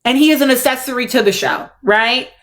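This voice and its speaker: A woman's voice: high voice, brisk, a bit bright. A young adult woman, hosting a casual commentary livestream, emphatic and fond of repeating her points. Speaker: livestream host.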